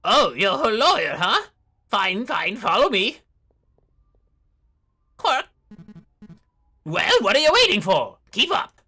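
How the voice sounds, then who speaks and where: A woman voicing a brusque, impatient prison guard in a video game, barking gruff, bossy orders. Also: medium pitch, very animated, slow, pauses often, bright, forceful tone, faint music behind, pitched above the performer's own voice, exaggerated voice.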